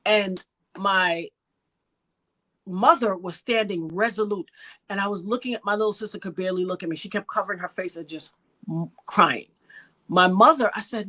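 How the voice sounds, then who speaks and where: A middle-aged New Yorker, here as an interview guest, recounts an emotional personal experience and mimics the voices of those in it. Her mid-range voice is bright and forceful, moving at normal speed with long pauses.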